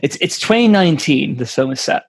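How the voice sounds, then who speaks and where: A man co-hosting a podcast, playful in casual chat, with frequent hesitant pauses. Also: fairly high pitch, lively intonation, creaky. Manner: playful, many "um" pauses, quick laughs. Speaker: podcast co-host.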